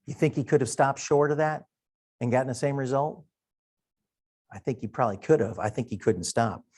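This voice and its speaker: A man's voice: medium pitch, brisk, a little mellow. Folksy man teaching a Bible class. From Wisconsin. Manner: conversational, folksy, thinking aloud. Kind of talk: Sunday school Bible lesson.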